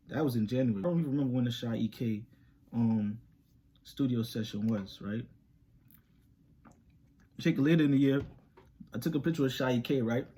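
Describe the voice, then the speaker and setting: Husky New man telling a story. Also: medium pitch. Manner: animated, laughs often, slangy street talk. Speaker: reaction channel host. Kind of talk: casual storytelling to camera.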